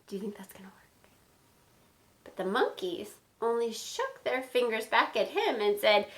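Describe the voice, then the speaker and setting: A woman teacher reading a picture book aloud to children, animated and stopping to ask them questions. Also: fairly high pitch, measured pace, low-quality recording. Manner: animated, asks listeners questions.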